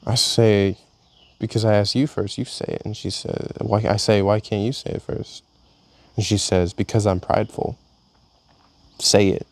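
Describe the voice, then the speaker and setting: A young man casually reading his personal journal aloud, telling a story with halting restarts. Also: on the low side, level tone. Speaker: vlogger.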